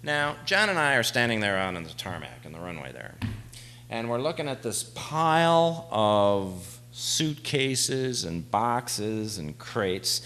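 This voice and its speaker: Brief: male stage storyteller, dramatic swings from quiet to shouting, bright, edgy tone. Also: lowish voice, very animated, slow, a little hiss or hum, low-quality recording. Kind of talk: live stage monologue. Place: small theater stage.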